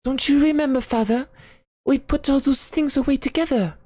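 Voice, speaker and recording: A woman voicing a naive young daughter who speaks in a high, earnest, pleading way. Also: normal speed, dark tone, no room sound, studio quality, natural voice.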